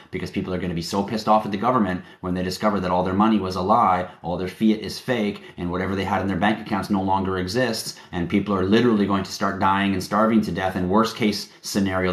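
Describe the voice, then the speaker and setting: Low-voiced man, confident livestream host. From Canada. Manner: emphatic, confident, preachy. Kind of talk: casual livestream talk. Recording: roomy echo.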